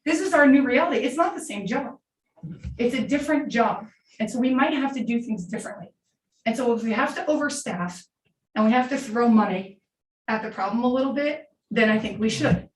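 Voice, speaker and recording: A woman's voice: a little high, expressive, brisk. A woman in her forties, a middle school teacher, speaking earnestly and from the heart during public comment at a school board meeting. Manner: earnest, heartfelt, unscripted storytelling. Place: large meeting room. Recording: echoey room, distant mic, faint hiss.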